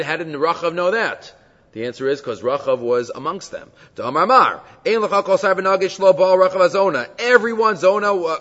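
A man's voice: fairly high pitch, fairly bright tone. A man teaching a Talmud class, explaining texts, dropping Hebrew terms into his English and checking in with frequent rhetorical questions. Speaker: Torah teacher. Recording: dull lo-fi sound with long hall reverb.

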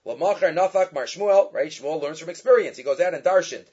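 A man teaching a Talmud lesson, reading the text aloud and translating it in quick, lively explanations with frequent rhetorical questions. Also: a little high, breathy edge, lo-fi sound.

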